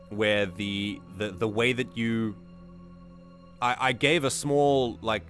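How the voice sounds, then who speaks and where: A man with a South African accent, hosting and reading a community-written story aloud, breaking into animated, excitable asides between passages of steady narration. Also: fairly low pitch. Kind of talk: story reading with casual commentary.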